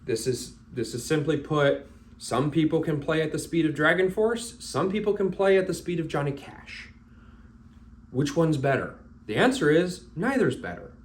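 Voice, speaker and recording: A man's voice: fairly high pitch, expressive, moderate pace, slight background noise. A man teaching as a firearms instructor in a loose, casual talk, blunt and a little profane, acting out little scenes as he goes. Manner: blunt, profane, acts out scenarios.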